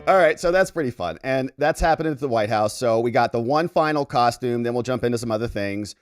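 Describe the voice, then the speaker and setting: A man's voice: mid-range voice, fast talker, faint music behind. A man hosting a casual commentary show, chatting and joking as he reacts to clips. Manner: animated, chatty, jokey asides. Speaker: lawyer commentator, host.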